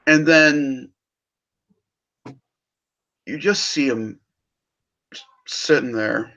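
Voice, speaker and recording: A man's voice: medium pitch, extremely slow, pushed and bright, muffled recording. A man hosting a movie podcast, eagerly retelling film scenes in casual review chat.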